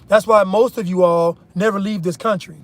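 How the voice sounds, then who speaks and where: This American vlogger's voice sits high, with a steady tone and moderate pace, and there's no echo. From inside his car as he drives, he gives an emphatic opinion monologue, circling back to the same points and calling his audience "y'all."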